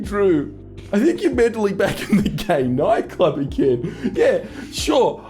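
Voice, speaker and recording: A man's voice: sits high, sing-song, measured pace, mellow, faint music behind. A man presenting a scripted comedic commentary video in a sarcastic, mocking tone. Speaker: online video creator.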